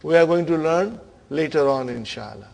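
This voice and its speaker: A man's voice: a little high, animated, moderate pace, vocal fry, a little mellow. A man teaching Arabic grammar to a class, patiently checking understanding and addressing students as brothers and sisters. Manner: patient, checks understanding with frequent "okay?" and "huh?".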